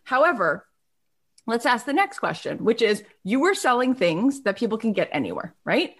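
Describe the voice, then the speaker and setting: A woman's voice: on the high side, sing-song, moderate pace, husky. Emphatic woman podcast host. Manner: emphatic, coaching tone, rhetorical questions. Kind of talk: motivational interview chat.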